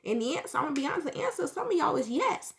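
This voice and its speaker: A woman's voice: sits high, sing-song, rapid-fire, a little hiss or hum. A woman in her thirties, a tarot reader talking straight to her viewers in a blunt, emphatic, profane way. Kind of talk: candid storytelling to viewers.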